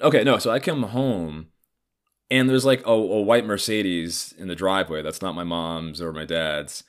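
A man's voice: on the low side, expressive, takes it slowly, fairly bright tone, smooth. A man in his thirties telling a personal story in a casual, heated and profane way. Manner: profane, heated, acts out others' lines.

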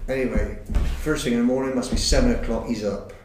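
Middle-aged man, animated storyteller who chuckles through his anecdotes, mid-range voice, echoey room. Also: mid-range voice, fast, background noise. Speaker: guest recounting football days. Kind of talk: anecdote-telling chat.

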